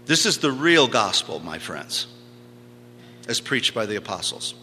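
A man's voice: mid-range voice, big pitch swings, unhurried, bright, forceful tone, slight background noise. A man preaching a sermon, teaching emphatically and repeating key phrases for stress. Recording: long hall reverb.

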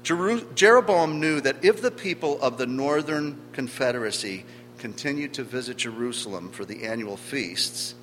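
A man's voice: medium pitch, fairly bright tone. A man preaching a sermon, emphatic, stressing key words by swelling in volume. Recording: long hall reverb with faint hum.

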